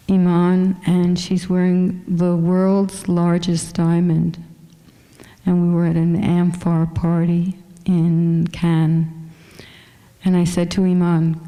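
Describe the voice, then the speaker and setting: A woman's voice: on the low side, mellow. A woman fashion photographer with a small voice, chatting casually with many fillers as she shows her photos in a museum lecture hall.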